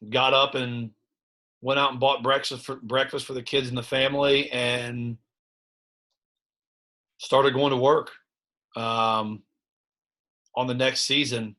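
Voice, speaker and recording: Candid, halting Midwestern coach. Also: male voice, mid-range voice, little pitch movement, sharp tone. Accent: Midwestern American. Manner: halting, many restarts and fillers, candid. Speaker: high school head football coach. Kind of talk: reflective interview talk.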